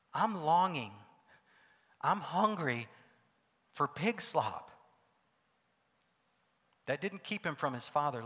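A male pastor preaching a sermon, swinging from loud calls to hushed asides. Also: fairly high pitch. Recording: long hall reverb.

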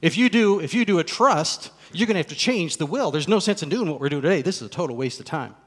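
A brusque, impatient attorney in his thirties or forties, as a preacher mimics him, firing off legal terms fast and waving away questions. He talks higher and louder than a plain voice, and the words ring out in a large, echoing hall. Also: lightly acted. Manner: curt, impatient, rattling things off fast.

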